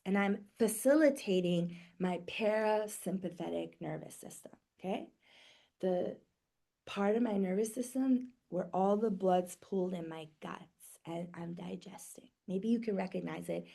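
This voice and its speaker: A middle-aged woman teaching a live somatic wellness webinar from her home office over a video call, talking conversationally and acting out everyday examples with quick voiced reactions. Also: mid-range voice, gravelly, mellow.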